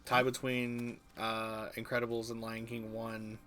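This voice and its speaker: A man's voice: mid-range voice, monotone, unhurried, bright, forceful tone, slight background noise. A young man chatting casually with friends during a game stream, rambling with many fillers and crude jokes. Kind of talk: casual gaming chat. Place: online voice chat.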